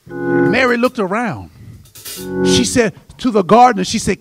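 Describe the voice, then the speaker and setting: A man pastor preaching an impassioned, emphatic sermon in a church, his voice swelling to shouts. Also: high-pitched, animated, normal speed, vocal fry, over music. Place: church sanctuary.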